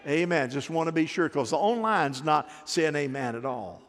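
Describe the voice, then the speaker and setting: A male pastor delivers a storytelling sermon in a slightly higher voice. He calls on the congregation to respond, and a long church-hall reverb trails his words. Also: normal speed.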